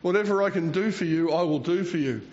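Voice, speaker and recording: A man's voice: high voice, fast, darkish tone. A man, preaching a rambling, self-mocking sermon and chuckling between phrases. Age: 60s. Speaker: pastor. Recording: dull lo-fi recording.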